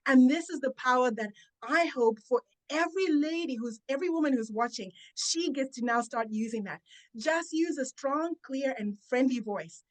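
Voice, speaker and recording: Female speaking coach, podcast guest; slightly high pitch, deliberate, emphatic delivery. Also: animated. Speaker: confidence and public speaking coach. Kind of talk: guest giving advice in a podcast interview.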